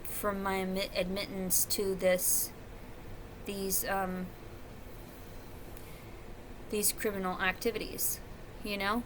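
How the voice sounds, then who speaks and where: A woman's voice: medium pitch, flat delivery, takes it slowly, pauses often, background noise. A woman talking to camera at home in a rambling, profane, confessional monologue. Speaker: vlogger. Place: at home, indoors.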